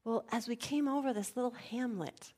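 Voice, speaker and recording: A middle-aged woman pastor, telling personal stories in a sermon, often dropping to a hushed voice and then rising lively. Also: a little high, moderate pace. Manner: soft, hushed storytelling that turns lively and animated. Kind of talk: storytelling sermon.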